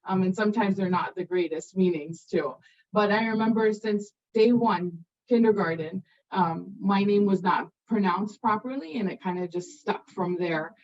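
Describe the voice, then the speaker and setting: A woman who teaches high school science, introducing herself in a soft-spoken, casual way with light humor. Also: moderate pace, highs cut off. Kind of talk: casual presentation.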